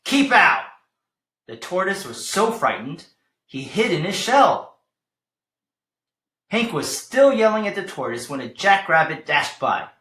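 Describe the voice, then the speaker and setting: Slow, bright-voiced man reading to children. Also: on the high side, sing-song, echoey room. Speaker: teacher reading aloud. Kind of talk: storybook read-aloud for children.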